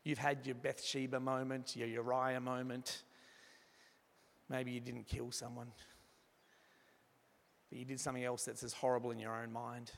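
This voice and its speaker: A man preaching an evening church sermon, earnest, moving from emphatic passages to hushed, soft ones. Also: medium pitch, completely flat delivery, normal speed, creaky, long pauses. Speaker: pastor. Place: church hall. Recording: reverberant hall sound.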